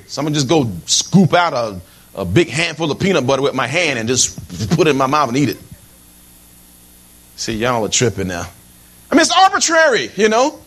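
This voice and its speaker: A middle-aged man preaching with a fairly high voice that keeps swinging up and down. He jokes with the congregation and talks to them directly, stumbling over and repeating words as he builds his point. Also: a little fast. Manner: animated and humorous, with frequent asides to the congregation; repeats words and restarts phrases while preaching. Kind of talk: sermon.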